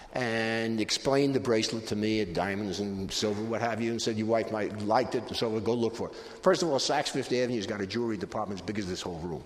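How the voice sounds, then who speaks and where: Older man telling wry stories in a hall. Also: fairly low pitch. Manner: humorous anecdotal storytelling with wry punchlines. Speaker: guest speaker on negotiation. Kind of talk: live presentation to an audience. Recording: hall reverb with faint background noise.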